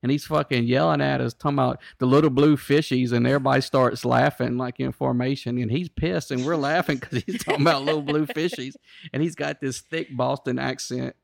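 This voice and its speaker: A man's voice: medium pitch, brisk, gravelly, no echo, studio quality. A man in his forties, a military veteran, telling stories in casual chat with lots of profanity. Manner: profane, animated storyteller.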